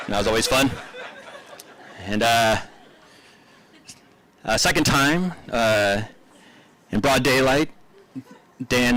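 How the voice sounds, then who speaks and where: A man's voice: medium pitch, fairly bright tone, slight background noise, poor audio. A man telling loose, laughing stories about an old friend at a memorial service, in a casual rambling way with many fillers. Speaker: eulogy speaker. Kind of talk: casual storytelling eulogy.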